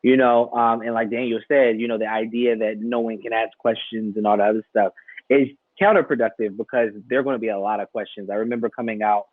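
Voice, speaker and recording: Man, panel co-host, animated storyteller, tinny phone-like sound, dry. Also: fairly low pitch, fast talker, dry recording. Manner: animated storytelling, acting out dialogue. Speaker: podcast co-host. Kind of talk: casual panel chat.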